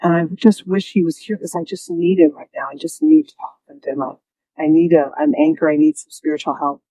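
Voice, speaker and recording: A woman telling her own story as an interview guest, lively and often laughing, acting out the voices she quotes. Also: low voice, a little fast, dry recording, rough recording.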